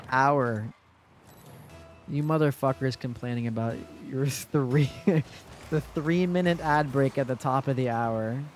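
Speaking slowly in a medium-pitched voice with faint music behind, a man in his twenties streams a game live, chatting directly with viewers and swearing without restraint.

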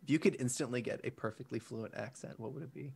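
A man's voice: mid-range voice, creaky, slightly rough. A man who hosts the podcast and runs the game, chatting casually and laughing easily. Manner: animated, quick to laugh. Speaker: podcast host and game master. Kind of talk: casual chat.

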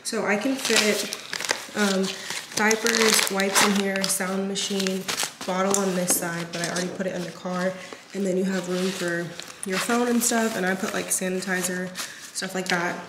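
A woman's voice: medium pitch, flat delivery, moderate pace. A young mother chats through a casual home vlog, dropping "like" and "um" as she reviews baby gear. Her voice rings in an echoey room, and noise is plain behind her. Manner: chatty, full of "like" and "um" fillers. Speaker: vlogger and mother of a newborn. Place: at home, moving between rooms and the car.

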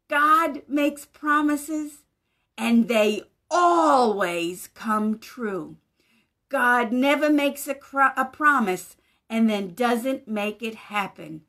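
A woman pastor reads a picture book aloud to young children, her voice bright and high. She takes it unhurriedly, with a gentle, animated lilt, pausing to ask the little ones questions. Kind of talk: children's story time reading.

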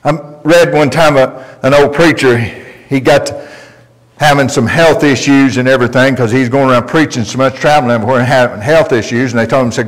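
A man's voice: mid-range voice, fairly even intonation, fast. A male pastor preaching a sermon, telling folksy stories with emphatic delivery. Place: church sanctuary. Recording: long reverb of a church hall.

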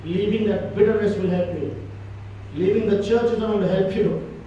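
A man's voice: sits high, fairly even intonation, moderate pace, warm tone, lo-fi sound, slight background noise. A man preaching a church sermon with emphatic, repetitive delivery. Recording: echoey church hall from far off.

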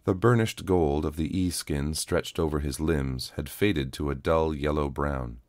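Very deep-voiced male story narrator. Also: measured pace, darkish tone, no room sound, clean studio sound. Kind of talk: first-person story reading.

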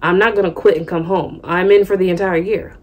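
A woman's voice: lowish voice, fairly even intonation, a little fast, close to an everyday voice. A woman reading the lines of an earnest young man making a firm promise, close to her own voice.

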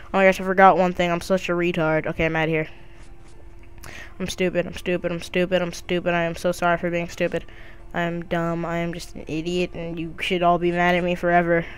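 A woman's voice: fairly low pitch, completely flat delivery, brisk, smooth. Woman gamer, casual let's play chatter, goofy and crude, jokey.

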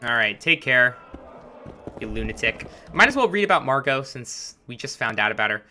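A man with a medium-pitched, very animated voice hosts a let's play, talking at a moderate pace in a bright, forceful tone. Still recovering from a chest cold, he gives chatty, wry commentary over the game music, with slight background noise.

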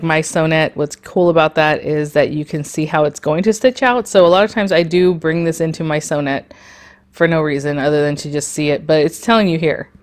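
A woman hosting an embroidery tutorial, walking through software on her screen in a chatty, rambling way with lots of fillers and small laughs. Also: low voice. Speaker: sewing and embroidery tutorial host. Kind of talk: casual screen-share tutorial.

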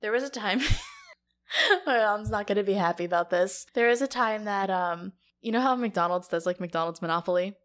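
A woman's voice: mid-range voice, normal speed, a bit bright. A young woman co-hosting a casual podcast chat, rambling with lots of fillers and frequent laughter. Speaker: podcast co-host.

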